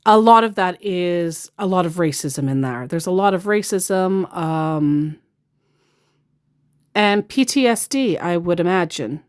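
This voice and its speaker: A woman's voice: fairly low pitch, animated, a little slow, clean tone. A woman giving blunt, sarcastic casual commentary as a scam baiter.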